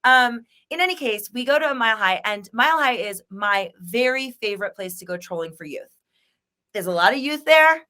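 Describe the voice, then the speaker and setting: A middle-aged woman co-hosting a podcast, chatting candidly and telling animated, frank stories. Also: on the high side, brisk. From Denver area. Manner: candid, animated storytelling with laughs. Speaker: podcast co-host. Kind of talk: casual chat.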